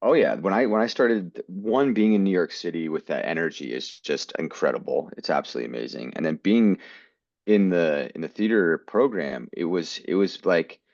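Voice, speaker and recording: Man, very low voice, american, earnest storyteller, muffled lo-fi sound. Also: moderate pace, gravelly, a little mellow, no echo. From United States. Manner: earnest, quotes people in his stories. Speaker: guest actor. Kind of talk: storytelling interview.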